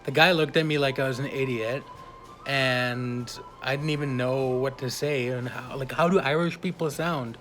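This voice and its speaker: A man's voice: medium pitch, fairly even intonation, moderate pace, a bit bright, faint music behind. A man contestant telling a story to camera, sheepish and amused. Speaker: reality show contestant. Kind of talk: casual confession to camera.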